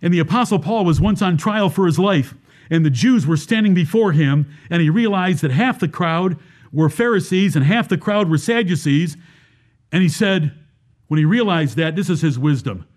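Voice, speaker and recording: A high-pitched man preaching a Baptist sermon. He explains scripture verse by verse and keeps putting rhetorical questions to the congregation. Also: expressive, moderate pace, darkish tone.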